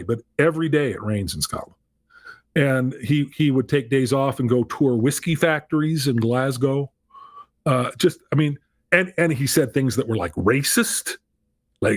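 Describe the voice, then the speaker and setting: A man's voice: a little high, no echo, studio quality. A middle-aged man telling a personal story as a guest on a talk show, candid and self-deprecating, often restarting his sentences. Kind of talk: storytelling in a conversation.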